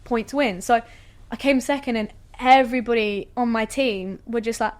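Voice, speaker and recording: A young woman speaks in a fairly high voice, talking fast and freely as an interview guest. Her delivery is casual and animated, sprinkled with filler words. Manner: animated, chatty, frequent "like" and "you know". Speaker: guest athlete.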